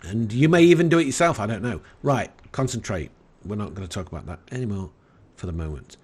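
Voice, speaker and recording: An Englishman with an English accent giving relaxed let's-play commentary in a soft, soothing, unhurried way. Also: fairly low pitch, husky. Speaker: game commentator.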